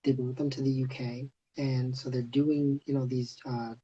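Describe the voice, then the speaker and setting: A man hosting a casual livestream chat, telling a story in an animated way with lots of "like" and "you know". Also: mid-range voice, normal speed, husky, dull audio. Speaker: host of livestream. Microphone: phone on a live video stream.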